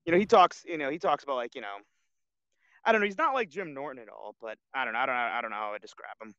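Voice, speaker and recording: A man's voice: mid-range voice, animated, fast talker, bright, forceful tone, no room sound, dull audio. A man co-hosting a casual online show, rambling with lots of fillers and restarts. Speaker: co-host. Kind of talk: casual podcast chat.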